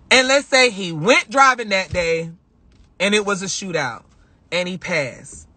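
Man, high bright voice, husky edge, casual livestream chat, emphatic repeats. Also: measured pace, no room sound. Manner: emphatic, repeats phrases for effect; animated, spiritual storytelling. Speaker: vlogger.

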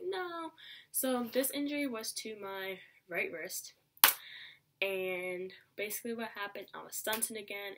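A young woman talks straight to her camera mic in a casual storytime vlog. Her voice sits at a middling pitch. She is chatty and animated, slipping into the voices of people she quotes. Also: a little hiss or hum. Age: young adult. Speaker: vlogger.

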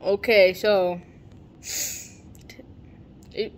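Slow-talking animated woman vlogger. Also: fairly low pitch, a little hiss or hum. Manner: animated, exclaiming, drawn-out words. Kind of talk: casual daily vlog chat.

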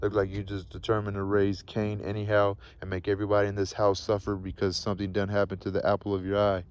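A man reading a novel aloud, voicing a sharp-tongued aunt who scolds her brother without fear. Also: lowish voice, completely flat delivery, fast talker, close to an everyday voice. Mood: defiant. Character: sharp-tongued older aunt, a grown woman.

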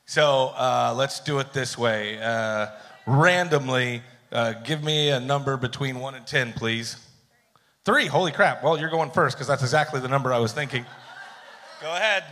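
A man's voice: mid-range voice, moderate pace, sharp tone. A man hosting a live joke contest on stage, telling jokes and chuckling at his own punchlines. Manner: chuckling, playful storyteller. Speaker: event host running a joke contest. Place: theater stage, live event. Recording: long theater hall reverb.

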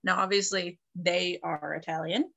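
Woman, podcast co-host, bright tone, casual chat, joking asides. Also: fairly low pitch, fairly even intonation, moderate pace, creaky. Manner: joking asides while reading facts. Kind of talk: casual chat, reading history notes.

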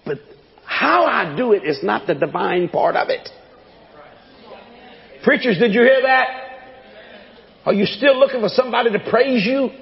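An older man preaching a sermon, swinging between shouts and low folksy asides, with a gravelly voice. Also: lively intonation, normal speed, long pauses, long reverb tail, highs cut off.

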